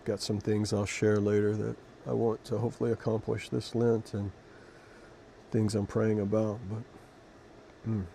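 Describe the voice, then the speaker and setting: A low-voiced man with a mellow, even delivery reads scripture and then shares a personal reflection. He speaks in an emotional, halting way and restarts his sentences often. Faint room ambience sits behind his voice. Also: creaky, a little hiss or hum. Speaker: Christian devotional video host.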